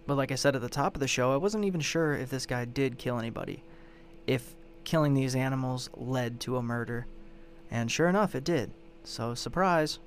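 A man of ordinary pitch talks through a grim crime story in loose, rambling fashion and swears freely when he gets annoyed. It sounds like an unscripted show recap, with a faint hiss of noise under his voice. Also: normal speed. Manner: profane, exasperated, rambling retelling. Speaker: show host. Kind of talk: casual true-crime recap.

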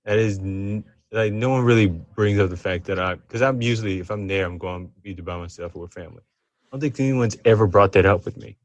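A man co-hosting a casual chat with dry, brief comments and halting remarks. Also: lowish voice, no room sound.

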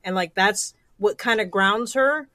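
Bright-voiced woman chatting casually. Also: medium pitch, measured pace, dry recording. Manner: rambling, hesitant, many fillers. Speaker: guest. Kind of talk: casual livestream chat.

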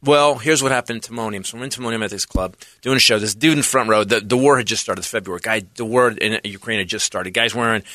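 A middle-aged man telling a comedy club story in casual chat, animated and bursting into loud shouted character voices. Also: fairly low pitch, quick pace, few pauses, dry recording, studio quality. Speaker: stand-up comedian guest.

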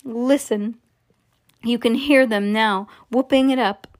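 A woman voicing an eccentric, impatient male chocolatier in a storybook read-aloud, with a sharp, bossy, theatrical manner. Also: very high voice, steady tone, slow pace. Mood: triumphant.

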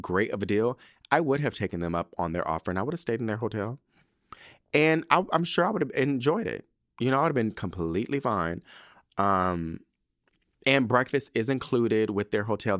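Animated, candid man chatting casually. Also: lowish voice, no echo, studio quality. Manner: candid, profane, chatty with frequent slang asides. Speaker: podcast host. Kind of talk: casual chat.

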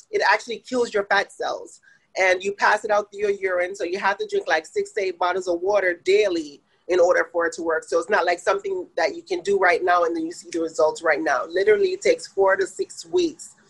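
Jamaican woman, spa owner guest, husky voice, plain explainer, lots of "you know". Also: on the low side, fairly quick, poor audio. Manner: explains plainly, many fillers. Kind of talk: casual interview answers.

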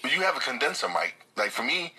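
A man's voice: mid-range voice, very animated, quick pace, sharp tone, husky, poor audio. A man chatting casually as a guest, talking earnestly and repeating words as he restarts, close to a dynamic mic. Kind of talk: casual chat.

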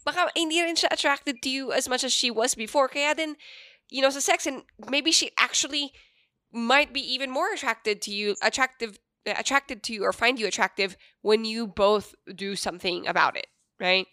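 A woman's voice: a little high, normal speed, pushed and bright, dry recording. Filipina lady cohost, earnest, talks it through, dry close mic. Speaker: co-host. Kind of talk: casual chat, mixing Tagalog and English.

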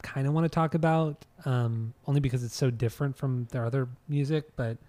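A man's voice: medium pitch, steady tone, fairly quick, darkish tone. A man co-hosting a podcast, chatting casually about an album, arguing his point but joking along. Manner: argumentative but joking, easygoing. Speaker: podcast co-host. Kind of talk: casual music review chat.

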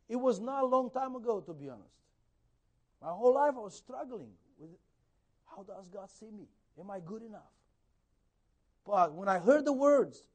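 A man preaching a conversational sermon as a pastor, swinging between loud emphasis and soft asides, sometimes acting out dialogue. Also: very high voice. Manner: acts out quoted dialogue.

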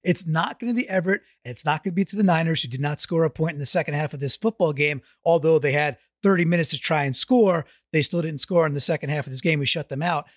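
A high-pitched man co-hosts a casual football podcast, jumping between jokes and excitement and tripping over his own words. The sound is close and dry, with no room around it. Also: fast, few pauses, no room sound. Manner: excitable, jokey, many restarts. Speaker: podcast co-host. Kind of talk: casual sports podcast chat.

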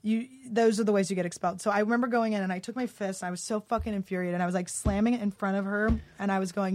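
A woman's voice: medium pitch, steady tone, very fast, dry recording. Young woman telling a heated story. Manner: heated, profane storytelling full of "like". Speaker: comedian guest. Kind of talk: casual podcast chat.

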